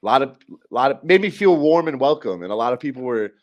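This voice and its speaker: A young man as guest co-host on a casual chat show, rambling through animated stories. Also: medium pitch, fast talker. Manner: rambling storyteller, animated quoting.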